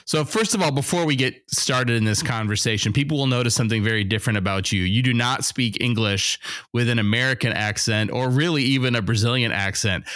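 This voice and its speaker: A man's voice: medium pitch, brisk, fairly bright tone, no room sound, clean studio sound. A middle-aged man hosting a podcast, chatting in a friendly, teasing way. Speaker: podcast host. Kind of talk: casual interview talk.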